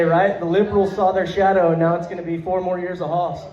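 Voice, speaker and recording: A young male comedian with a fairly high voice rambles through a stand-up set, piling up fillers and swear words and chuckling at his own lines. The sound comes from a handheld mic in a roomy club and is a bit dull. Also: flat delivery, brisk, darkish tone. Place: comedy club stage before a live audience.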